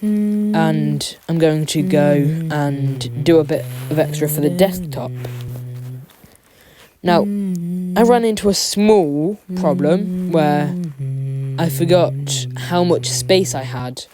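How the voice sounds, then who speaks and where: A woman's voice: low voice, takes it slowly. A woman giving a rambling, self-deprecating voice-over as she draws, full of ums. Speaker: YouTuber narrating a drawing. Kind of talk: casual voice-over commentary. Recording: loud music behind the voice. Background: loud background music.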